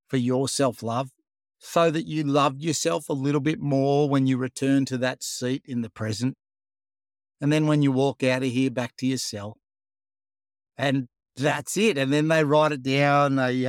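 A man's voice: medium pitch, no room sound, clean studio sound. An Australian man, the founder of a program, telling a story in a casual interview, acting out the dialogue with plenty of life. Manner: animated storyteller, acts out dialogue, says "mate".

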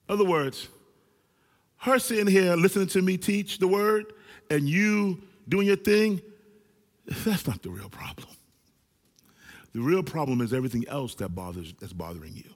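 A male pastor preaching a sermon to a small church gathering, with animated delivery that swings between loud and hushed. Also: high-pitched, normal speed, pauses often, in a large hall. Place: small church service with few people present.

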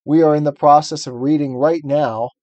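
A man's voice: fairly high pitch, steady tone, normal speed, a little mellow, no room sound, muffled recording. A man co-hosting a podcast, talking through a book in an earnest, explanatory way. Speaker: podcast co-host. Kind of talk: casual book discussion.

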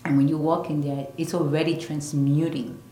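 A woman's voice: deep voice, little pitch movement, normal speed, dark tone, reverberant, poor audio. An older woman and spiritual teacher, speaking earnestly and emphatically in a casual interview, often repeating her phrases. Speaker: spiritual teacher and retreat leader.

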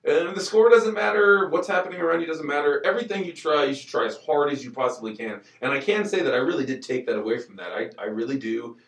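A man in casual podcast chat, telling stories in an animated, excitable way. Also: fairly high pitch, fast talker, creaky, few pauses, echoey room, distant mic.

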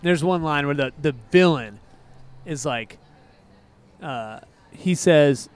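A music podcast co-host with a fairly high, smooth voice chats loosely and slowly, leaving long pauses. He rambles with excitable energy, drifting into tangents before finding his way back.

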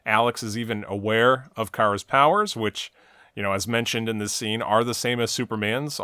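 A man's voice: mid-range voice, sharp tone, no room sound, clean studio sound. A man co-hosting a casual talk show, recapping a TV episode scene by scene in long run-on sentences. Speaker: podcast co-host recapping a TV episode.

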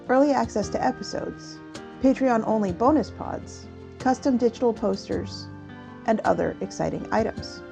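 A woman's voice: on the high side, creaky, dark tone. A woman co-hosting a podcast in casual chat, laughing often as she talks. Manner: giggly, breaks into laughter often. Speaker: podcast co-host.

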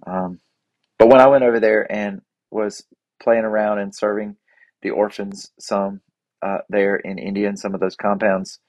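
A man's voice: lowish voice, little pitch movement, normal speed, a little mellow, dry recording. A man in his forties talking in a casual, reflective way about family traditions and gratitude, rambling with fillers and restarts. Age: 40s.

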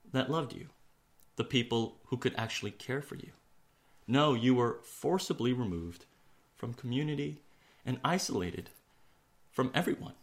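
Male pastor preaching; earnest, measured, hushed on the heavy lines. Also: medium pitch. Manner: earnest, slows for emphasis, drops to a hush on key words. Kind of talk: sermon.

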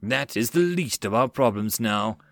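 A man's voice: mid-range voice, expressive, normal speed, gravelly, fairly bright tone. A man voicing a shrewd, blunt female fleet master in a matter-of-fact way. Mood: firm.

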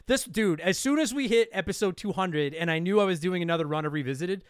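A man hosting a casual podcast, excitable and swearing freely into a close mic. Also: high-pitched, fast talker, clean tone, dry recording. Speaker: podcast host.

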